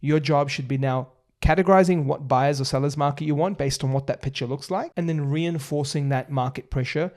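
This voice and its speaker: A man's voice: fairly high pitch, a little fast, hardly any pauses, a little mellow. A man, a property agency founder explaining investing on a podcast in emphatic runs of points. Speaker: buyer's agency founder, guest. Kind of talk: fast explanatory podcast talk.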